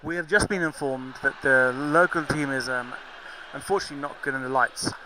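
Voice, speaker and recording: A man's voice: medium pitch, a little fast, noisy background. A man from Zambia with a mixed southern African and English accent, giving chatty, jokey live cricket commentary. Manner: chatty, jokey, self-correcting.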